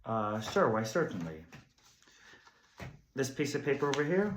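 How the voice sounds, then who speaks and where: A man's voice: medium pitch, sing-song, measured pace, pauses often. A young man, a stand-up comedian, telling candid, self-deprecating stories in a comedy sketch. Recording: roomy echo.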